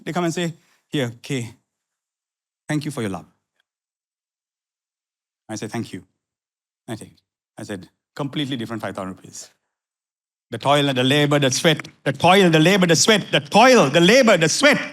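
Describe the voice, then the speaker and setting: A middle-aged Sri Lankan pastor preaches a sermon, repeating phrases and shifting between quiet asides and fiery questions.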